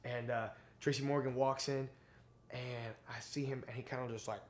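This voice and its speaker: A male stand-up comedian, telling stories in a casual interview, animated and profane, acting out quotes. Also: medium pitch, normal speed.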